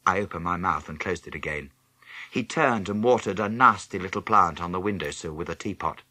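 Man narrating a storybook, low voice, bright and a bit husky, very expressive. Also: moderate pace, dry recording. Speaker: audiobook reader. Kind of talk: scripted narration.

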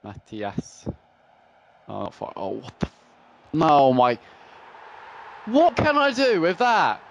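A young man commentating his own football video game play, swinging between frustrated groans and excited shouts. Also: a little high, slow pace, vocal fry, lo-fi sound, slight background noise. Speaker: gaming YouTuber. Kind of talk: live gameplay commentary.

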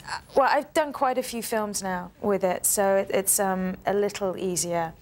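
A woman's voice: medium pitch, normal speed. A woman from London with a British accent, a guest actress on a TV talk show, modest and wry, laughing easily.

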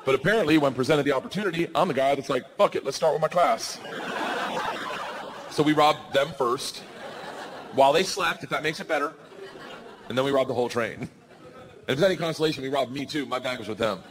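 A man on a comedy stage telling a story with energetic delivery and shouted punchlines. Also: mid-range voice, quick pace, in a large hall, background noise. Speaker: stand-up comedian. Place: comedy stage before a live audience.

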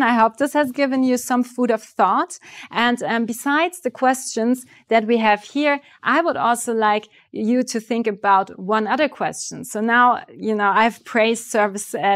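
A woman lecturer giving a conference presentation, explaining ideas clearly and walking through examples step by step. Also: medium pitch, no echo. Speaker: business school lecturer. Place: summit venue.

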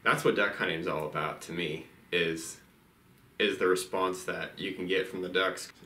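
Laid-back man, bright echoey voice. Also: low-pitched, fairly even intonation, moderate pace. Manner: laid-back, rambling, many "you know" fillers. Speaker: duck hunting channel host. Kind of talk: casual vlog talk.

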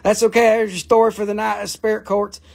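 A man's voice: high-pitched, level tone, fast talker, vocal fry. A man hosting a live crystal sale, joking, rambling and cussing a lot as he goes through the items. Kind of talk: casual live sales chat.

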